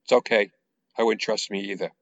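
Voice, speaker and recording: Tired bitter priest, read by a man, world-weary, low voice, plain reading. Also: fairly even intonation, brisk, creaky, no echo, lo-fi sound. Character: weary, bitter middle-aged male priest. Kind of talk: author reading aloud.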